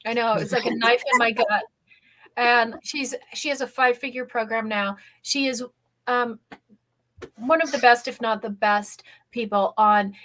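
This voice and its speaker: A woman hosting a live online workshop, talking in a chatty, energetic way and often checking in with "okay?". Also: a little high. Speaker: workshop host. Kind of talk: live-stream workshop talk.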